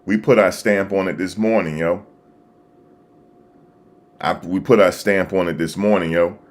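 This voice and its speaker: A man hosting a live stream, talking casually and excitedly to his viewers, repeating himself as he reacts. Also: low voice, a little slow. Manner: animated, repetitive, talking to chat viewers. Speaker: livestream host. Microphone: desktop USB microphone.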